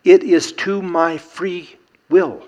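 Middle-aged guy preaching, slow and earnest, punchy questions. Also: high-pitched, fairly even intonation, darkish tone. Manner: earnest, emphatic, rising to rhetorical questions. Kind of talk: sermon.

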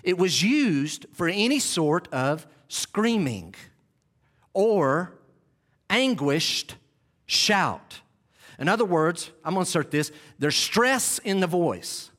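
A male pastor preaching a sermon in an animated, dramatic storytelling manner. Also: sits high, slow pace.

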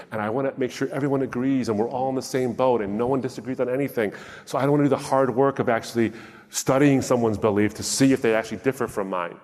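A man with a medium-pitched voice gives a talk that sounds like a sermon, animated and wryly humorous as he acts out both sides of a conversation. His voice carries the long reverb of a large hall. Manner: animated storytelling, wry humor. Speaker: speaker.

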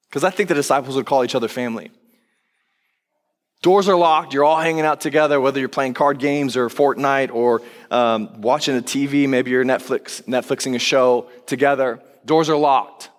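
A man preaching as a pastor, telling the story in a conversational, animated way and acting out quoted lines. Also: mid-range voice. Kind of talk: sermon. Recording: long reverb of a large hall.

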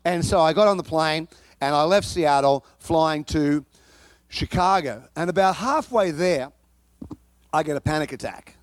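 A man with a high voice preaches a sermon, spinning a personal story with comic timing and plenty of repeated words and restarts. His voice sounds dry and close, with no room echo. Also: measured pace. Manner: animated, comic storytelling with frequent repetitions and restarts. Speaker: pastor.

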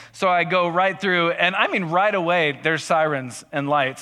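A man's voice: a little high, fairly even intonation, normal speed, few pauses, pushed and bright, in a large hall. A male pastor giving a casual sermon, telling personal stories in a conversational, self-deprecating way.

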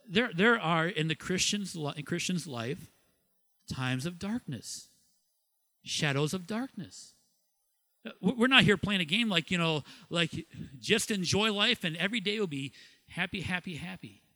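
A middle-aged man from Ohio preaching a sermon as pastor, lively, asking questions and laughing at himself. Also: high voice, measured pace. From Ohio, USA.

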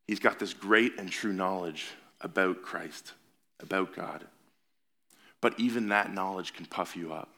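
Deep-voiced man preaching a sermon. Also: a bit bright. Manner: earnest, conversational preaching with rising emphasis. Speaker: pastor. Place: church sanctuary.

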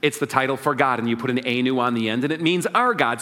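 A man's voice: mid-range voice, quick pace, bright, forceful tone. A man preaching a sermon as pastor, leading the congregation in call and response. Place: church sanctuary.

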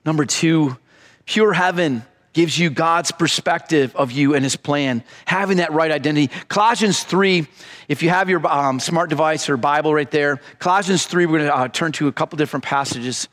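Fervent preaching man, higher voice. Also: moderate pace, fairly bright tone. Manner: earnest, rising to fervent pleading in prayer; reads scripture aloud in a steadier tone. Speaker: pastor. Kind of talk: sermon.

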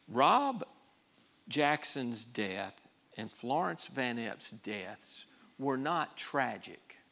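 A man pastor preaching a sermon, emphatic, often repeating words and swinging from hushed to loud. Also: mid-range voice, sing-song, very slow, creaky.

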